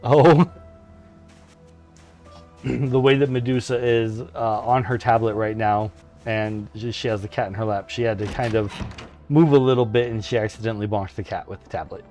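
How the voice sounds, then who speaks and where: A man casually commenting while playing a survival game, chatting with friends and often breaking into laughter and high excited yelps. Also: normal speed. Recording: faint game music behind.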